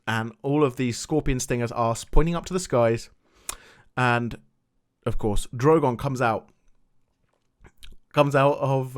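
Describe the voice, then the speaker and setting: A man rambles through a TV episode recap in a loose, animated way. He swears freely and keeps circling back with filler words. His voice sits at an ordinary middle pitch. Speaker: YouTube TV reviewer.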